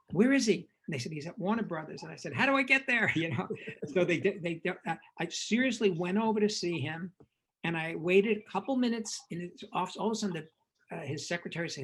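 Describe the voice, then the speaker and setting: An older man, a film director and interview guest, telling animated anecdotes and acting out the dialogue in them. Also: high-pitched, fairly quick, rough recording. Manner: lively raconteur, acts out quoted dialogue, frequent repetitions.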